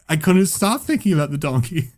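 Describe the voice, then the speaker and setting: A man telling a story in casual chat. He is animated and swears often, and he laughs at his own story. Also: high-pitched, husky. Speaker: podcast host.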